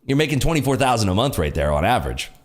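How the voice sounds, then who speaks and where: Excitable male livestream host with an animated voice that swings up and down, laughs a lot, hypes up viewers' wins. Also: mid-range voice, racing. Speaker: day trading livestream host. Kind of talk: casual live market commentary.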